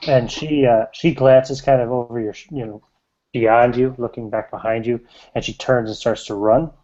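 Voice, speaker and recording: Guy running a western tabletop game, mellow and soft toned, kinda muffled audio. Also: mid-range voice, fairly even intonation. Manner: halting, many fillers. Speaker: game master. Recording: slightly muffled lo-fi recording.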